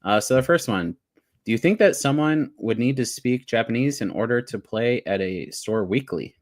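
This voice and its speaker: A man's voice: mid-range voice, animated, normal speed, no room sound, studio quality. A man co-hosting a podcast, asking questions in an upbeat, joking way. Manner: upbeat, asks questions, laughs easily. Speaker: podcast co-host. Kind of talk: casual podcast interview.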